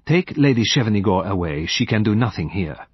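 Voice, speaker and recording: A man voicing a stern, precise male detective who speaks with grave, measured authority. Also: medium pitch, very animated, slightly rough, no room sound, muffled recording, pitched above the performer's own voice. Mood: sharp.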